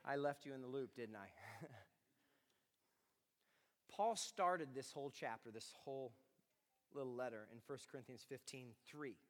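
A man preaching a sermon to a congregation, swinging from quiet conversational talk to loud shouting. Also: mid-range voice, normal speed, long pauses. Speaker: pastor. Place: large room with congregation. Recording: long hall reverb.

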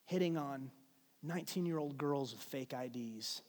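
A man in his thirties preaching a sermon, shifting from hushed, slow reflection to loud, playful calls for the congregation to repeat after him. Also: medium pitch. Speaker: pastor. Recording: long hall reverb.

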